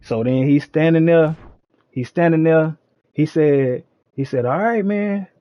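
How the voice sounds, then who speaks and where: A man on a live stream, telling a story in an animated, slangy way with lots of "you know what I'm saying.". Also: a little high, unhurried, no echo, muffled recording. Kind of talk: casual storytelling.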